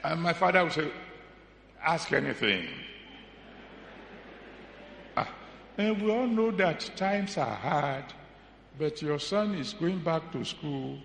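Slow, gravelly preacher in an echoey hall. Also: male voice, fairly high pitch, expressive, a bit bright, slight background noise. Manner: humorous, drawn-out emphatic delivery. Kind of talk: sermon. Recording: echoey hall with faint ambience.

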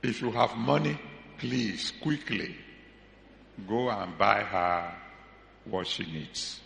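A man's voice: lowish voice, creaky, a bit bright, slight background noise. A man preaching a sermon with humor, stretching words for emphasis. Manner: humorous, drawn-out emphatic delivery. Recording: echoey hall with faint ambience.

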